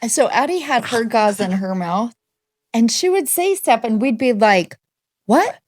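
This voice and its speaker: A woman's voice: on the high side, lively intonation, normal speed, no room sound, studio quality. A woman co-hosting a podcast, chatting casually and reacting to her friend's story. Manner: reacting with short remarks and laughter. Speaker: podcast co-host. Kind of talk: casual chat.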